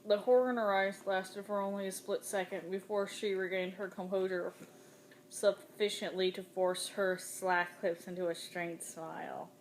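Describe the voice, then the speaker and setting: A woman reads a dark novel aloud in the first person, her voice sitting at a middle pitch. Her delivery is dramatic and expressive, with a faint hiss of noise behind it. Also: normal speed. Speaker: audiobook reader.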